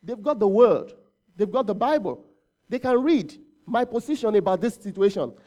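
A man's voice: sits high, lively intonation, normal speed, warm tone. A man preaching a sermon in a conversational way, asking rhetorical questions and often correcting himself mid-phrase. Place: church service.

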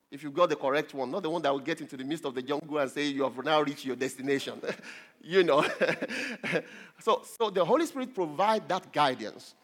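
A man preaching a sermon in an emphatic way, rising to loud stresses on scripture quotes, with pauses and fillers, in a church hall. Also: a little high. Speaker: pastor. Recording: long hall reverb.

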